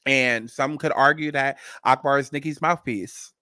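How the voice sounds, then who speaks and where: A man's voice: medium pitch, steady tone, normal speed, sharp tone, smooth, no room sound, studio quality. A man hosting a celebrity gossip and astrology commentary, talking bluntly and emphatically and repeating his points. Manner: blunt, emphatic, repetitive, cussing. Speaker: commentary host.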